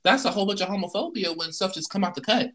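A man's voice: sits high, very fast, a crowd in the background. A man co-hosting a casual opinion chat, blunt and emphatic, hammering his points with repetition. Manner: emphatic and blunt, repeats punchlines.

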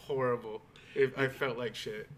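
A man's voice: mid-range voice, steady tone, moderate pace, a little hiss or hum. Easy-laughing man chatting casually. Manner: laughs easily, loose casual phrasing. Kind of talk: casual chat.

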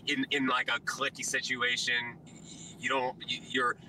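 A host chats casually, rambling and restarting sentences. The voice is very bright, heard from a distance, with faint background noise underneath. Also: mid-range voice, completely flat delivery, moderate pace. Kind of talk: casual chat.

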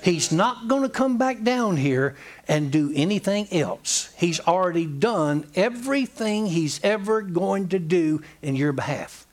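Delivering a sermon, this preacher uses a high, lilting voice that rises and falls as he speaks to his congregation. He is animated but unhurried, hammering home each point through plain, homespun repetition.

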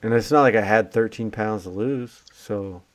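Low-voiced man chatting casually. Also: normal speed, a little hiss or hum. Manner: blunt, profane, joking. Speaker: podcast co-host. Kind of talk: casual chat.

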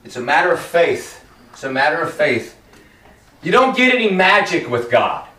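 Animated preacher man in an echoey room. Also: a little high, moderate pace, distant mic. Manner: animated and conversational, joking, acting out quotes. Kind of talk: sermon.

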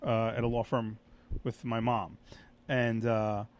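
A man's voice: mid-range voice, flat delivery, slow. A man co-hosting a podcast, telling a long anecdote in casual chat, with many restarts. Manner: rambling, self-interrupting storyteller with many restarts and fillers. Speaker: podcast co-host.

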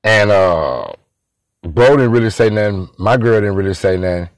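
A man's voice: fairly low pitch, expressive, normal speed, dry recording. A man telling a story casually, rambling and repeating himself, talking to his listeners as y'all.

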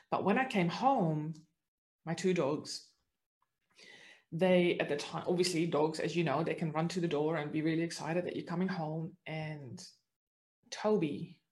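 Woman, middle-aged, low voice, earnest personal storytelling, reflective. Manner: earnest, reflective, drifts between soft and lively. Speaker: spiritual speaker sharing her story.

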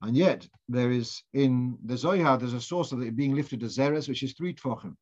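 A man's voice: medium pitch, normal speed, a little mellow. A man teaching a Torah class in an informal lecture, thinking aloud, posing questions and often restarting his phrases. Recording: dull lo-fi recording.

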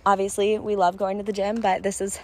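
A young woman vlogs casually about travel while hiking outdoors, breathless and chatty, laughing often and saying "like" a lot. Her middle-pitched voice is flat, fairly quick and a little mellow, captured on a handheld phone, sometimes outside.

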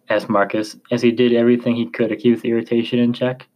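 A man narrating a chapter of a story in a slow, measured reading voice. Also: medium pitch, level tone, darkish tone, low-quality recording.

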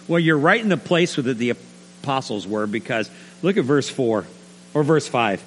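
A middle-aged male pastor preaching a sermon, animated and acting out little scenes with put-on voices. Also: mid-range voice, a little slow, pauses often. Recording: reverberant hall with faint mains hum.

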